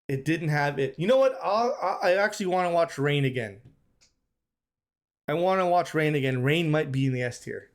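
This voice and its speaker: A man streaming live, giving casual, emphatic commentary and repeating his points, often calling the chat "bro". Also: fairly high pitch.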